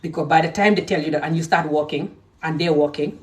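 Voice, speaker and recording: A woman's voice: deep voice, fairly even intonation, quick pace, distant mic. Fiery woman ranting to camera. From Gambia. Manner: passionate, emphatic, scolding. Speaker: vlogger. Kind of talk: direct-to-camera rant.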